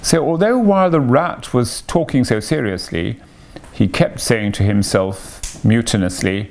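A man reading a classic novel aloud with expressive, animated storytelling. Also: on the low side, unhurried, vocal fry. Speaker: reader.

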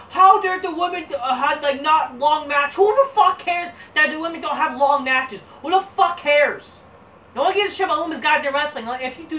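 A man's voice: high voice, sharp tone, slight background noise. A man giving a casual, profane, rambling recap of a wrestling show. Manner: crude, profane and rambling, with frequent restarts. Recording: roomy echo, distant from the mic.

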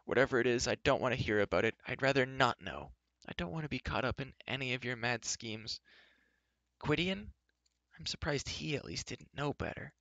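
A man's voice: fairly high pitch, very animated, normal speed, creaky, a bit bright, slightly rough, no room sound, dull audio, voice pushed up, full character voice. A man voicing a timid, gloomy male hermit who speaks in a dismal, anxious whine. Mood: fretful.

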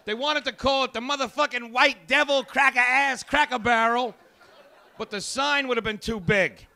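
A male comedian works a comedy club crowd with an abrasive, profane, needling delivery. His voice sits high and comes across bright and forceful. He picks fights with the audience as he goes. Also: moderate pace. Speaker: stand-up comedian. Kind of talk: stand-up set.

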